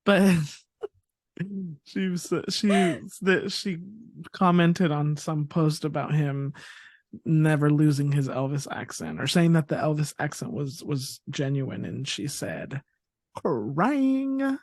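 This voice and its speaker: A woman's voice: low voice, slow pace, darkish tone, dry recording, clean studio sound. A woman co-hosting a podcast in casual chat, rambling, laughing often and restarting her sentences. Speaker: podcast co-host.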